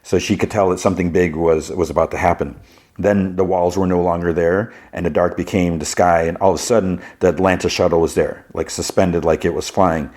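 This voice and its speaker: A man with a deep, low-pitched voice talks casually into a podcast mic. He rambles through a plot recap, and his sentences are loose and full of filler words. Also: fairly even intonation, a little fast, a little mellow. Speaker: podcast host.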